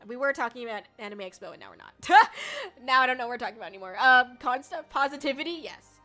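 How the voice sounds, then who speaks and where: Bright and pushed, a young woman's high-leaning voice races along as she chats casually with her livestream viewers, soft background music playing. The VTuber is bubbly and giggly and uses many filler words.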